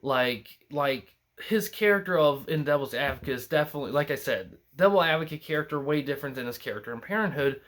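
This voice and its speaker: A man's voice: fairly high pitch, animated, fast, few pauses, fairly bright tone. A young man hosting a casual film review, talking alone and rambling through many restarts and fillers. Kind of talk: casual solo film commentary.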